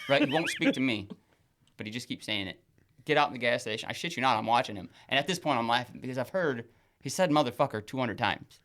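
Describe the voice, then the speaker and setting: A man's voice: mid-range voice, fast. A young man and podcast co-host, telling a story in casual chat, swearing freely and acting out other people's lines. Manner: animated storyteller, swears freely, acts out his father's rants.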